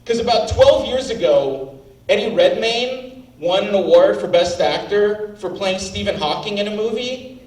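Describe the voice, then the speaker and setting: A man's voice: sits high, animated, unhurried, a little mellow. A man doing standup, ranting with outrage and plenty of profanity. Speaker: standup comic. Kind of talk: standup set. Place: comedy club stage. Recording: roomy live venue, mic at a distance, faint ambience.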